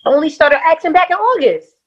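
Blunt, animated Brooklyn woman. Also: very high voice, fairly quick, lo-fi sound. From Brooklyn, New York. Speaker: podcast guest. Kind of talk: casual chat.

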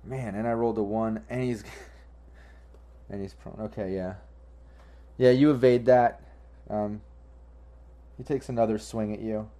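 A man's voice: on the low side, fairly even intonation, a little slow, long pauses, mellow. A man running a tabletop game as game master, rambling with fillers and restarts.

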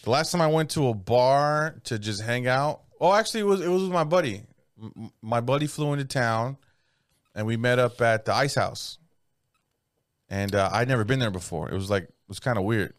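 Young dude rambling crude bar stories on a podcast, dry close mic. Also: male voice, medium pitch, normal speed, no echo. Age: young adult. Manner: crude, rambling, acts out voices in anecdotes. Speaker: podcast co-host, comedian. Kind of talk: casual chat, storytelling.

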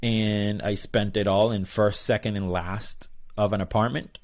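A man's voice: lowish voice, fairly even intonation, measured pace, a little mellow. A male percussionist, a guest in an interview, telling his story in a casual, rambling way with plenty of fillers. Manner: rambling, loose, lots of fillers and "blah blah".

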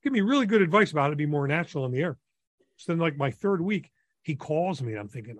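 A man's voice: a little high, fast talker, no room sound. Enthusiastic older radio DJ, man. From New Jersey. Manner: enthusiastic, animated storyteller. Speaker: radio DJ, guest. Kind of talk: casual interview storytelling.

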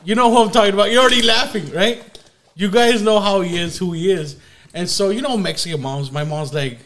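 A young man with a fairly high voice co-hosts a casual podcast. He talks straight up in street slang and curses freely. He sounds relaxed among friends. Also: a little fast. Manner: blunt, streetwise slang, swears a lot. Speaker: podcast co-host. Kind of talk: casual chat.

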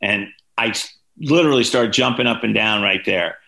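A man in his sixties tells story after story as a podcast guest, his voice lowish but bright and forceful. He acts out the people in his anecdotes, jumping up in pitch for their lines. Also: normal speed, vocal fry. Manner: lively anecdotes, voices quoted people with big pitch jumps. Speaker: author and guest.

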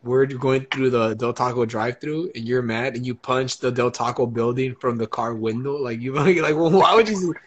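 A man's voice: medium pitch, normal speed, hardly any pauses, lo-fi sound. A young man from California, rambling in casual banter with lots of swearing and fillers.

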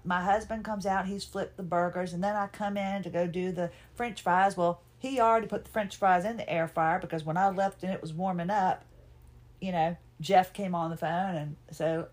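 A woman, hosting a podcast and telling a folksy, chatty, self-mocking personal story. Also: mid-range voice. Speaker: podcast host.

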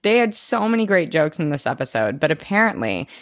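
A young woman co-hosting a podcast, recapping a TV episode in casual, animated chat and swearing freely. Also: deep voice, fairly quick, no room sound, clean studio sound. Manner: animated, swears freely, acts out character lines. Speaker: podcast co-host.

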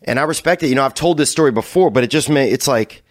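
A man hosting a casual talk show, telling a rambling, profane story that drifts from low mutters to loud hyped bursts. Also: fast talker, no room sound, clean studio sound. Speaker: podcast host.

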